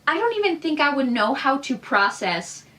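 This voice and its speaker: A young woman hosting a reaction commentary, animated and incredulous, firing off rhetorical questions. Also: high voice, moderate pace. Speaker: commentary host.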